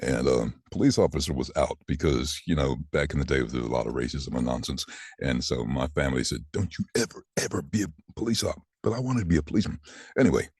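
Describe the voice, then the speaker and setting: A man in his sixties with a deep voice, telling stories in a casual interview and acting out the voices of people he quotes. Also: quick pace, breathy edge, no room sound, studio quality. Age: 60s. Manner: animated, acts out quoted voices. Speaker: voice actor guest.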